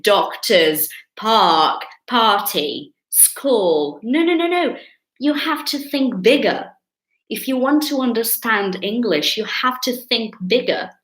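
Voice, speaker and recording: A woman's voice: medium pitch, fairly bright tone, echoey room, rough recording. A woman with a Brazilian accent teaching English in a live online lesson, chatty with her viewers and stretching out key words. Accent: Brazilian Portuguese.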